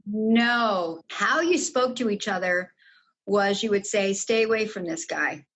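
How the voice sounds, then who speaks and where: A woman's voice: medium pitch, unhurried, a bit bright, lo-fi sound. An older woman, a podcast guest, frankly recounting her own story and acting out the dialogue she quotes. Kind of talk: candid storytelling interview.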